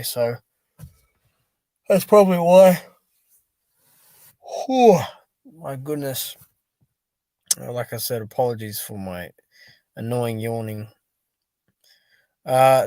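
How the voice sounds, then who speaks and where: A tired, sleepy man chatting casually on a live stream, reacting out loud and reading viewer comments. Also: mid-range voice, no room sound. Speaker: boxing stream host.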